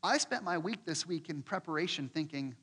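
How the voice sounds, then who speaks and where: High-voiced preaching man in a reverberant hall. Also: a little fast, slightly rough. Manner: expressive preaching, acts out quoted voices, repeats words when building. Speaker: pastor. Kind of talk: sermon.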